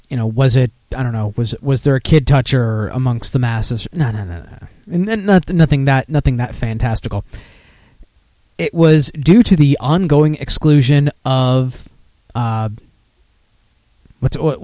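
A man's voice: mid-range voice, a little mellow, no room sound. A man hosting a podcast, ranting casually with lots of fillers and self-corrections. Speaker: podcast host.

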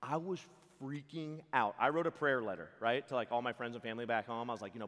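A young man preaches to a youth camp crowd in a big hall, and his voice carries a long reverb tail. He tells stories in a casual, animated way, jumping into quoted voices and laughing often. His pitch sits in an ordinary middle range. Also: quick pace, few pauses. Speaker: camp speaker. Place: large hall before a live audience.

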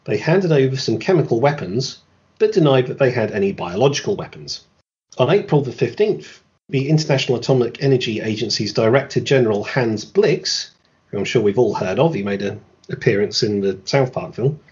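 A man delivers scripted history narration in a lively, swooping voice, peppering it with dry, sarcastic remarks. The recording sounds muffled and lo-fi. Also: medium pitch, brisk. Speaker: podcast host.

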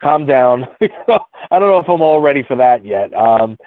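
A man in his forties, a guest telling stories in a rambling, halting way with many restarts. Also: medium pitch, sing-song, no room sound. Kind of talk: casual storytelling. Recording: tinny phone-like line, dry.

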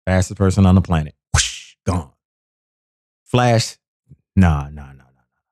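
Low-voiced guy riffing on his show, slow and bouncy, dry close sound. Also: no echo. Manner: animated, repetitive riffs, acts out quotes in high voices. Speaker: podcast host. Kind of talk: casual comedic monologue.

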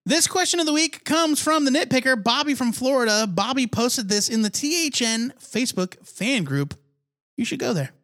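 A man co-hosting a podcast who explains points calmly and reads out listener questions. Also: very high-pitched, normal speed. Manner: calm, matter-of-fact explainer. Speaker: podcast co-host. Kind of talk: casual podcast banter.

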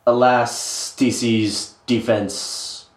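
A man's voice: medium pitch, flat delivery, extremely slow. A man co-hosting a casual sports podcast, rambling with many filler sounds as he recaps matches. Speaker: podcast co-host. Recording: roomy echo.

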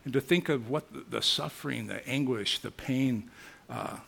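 A man's voice: mid-range voice, normal speed, creaky, a bit bright, slightly rough. A man teaching a Bible lesson, earnest and musing, reading scripture aloud and reflecting on it. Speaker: preacher.

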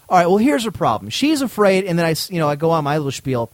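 Podcast co-host, male, lively raconteur who plays out the dialogue himself, voice sits a bit high, dry recording. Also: rapid-fire, hardly any pauses, no echo. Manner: animated, acts out both sides of dialogue, swears freely. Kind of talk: casual storytelling chat.

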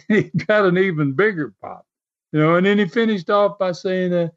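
A man's voice: high-pitched, normal speed. An older man hosting a podcast, telling stories in a rambling way with many fillers and restarts. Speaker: podcast host and former wrestling promoter. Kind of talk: casual storytelling. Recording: dull lo-fi audio.

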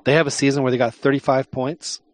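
A man co-hosting a soccer podcast, talking through the numbers in a halting way, repeating words. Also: medium pitch, level tone, dry recording. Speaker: podcast co-host. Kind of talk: casual sports chat.

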